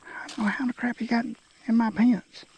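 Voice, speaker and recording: A man's voice: extremely high pitch, little pitch movement, normal speed, a little mellow, slight background noise. A man giving casual outdoor fishing commentary by a creek, folksy and talking to the fish. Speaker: fishing vlogger.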